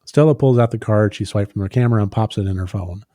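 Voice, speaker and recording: A man hosting a let's play, reading the game text aloud with low-key asides. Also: quick pace, warm tone, no echo, clean studio sound. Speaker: gaming host. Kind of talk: let's play narration and commentary.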